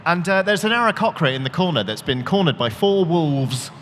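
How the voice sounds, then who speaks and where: Lively, bright-voiced male game master. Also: on the high side, fairly quick, slight background noise. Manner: animated, joking, many fillers. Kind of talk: narrating a tabletop game live on stage. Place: large convention hall. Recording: live hall reverb with audience murmur.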